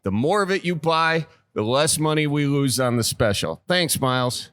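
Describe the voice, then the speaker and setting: A man's voice: a little high, expressive, normal speed, a bit bright, a little hiss or hum. A man casually delivering a short, jokey sponsor message to viewers. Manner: laid-back, jokey. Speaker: comedian giving sponsor message. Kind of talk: casual spoken ad read.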